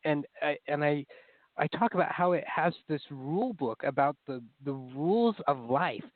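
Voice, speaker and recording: A man's voice: a little high, normal speed, no room sound, narrow, tinny audio. A man speaking as a therapist guest in an interview, explaining ideas in an earnest way and acting out inner critical voices.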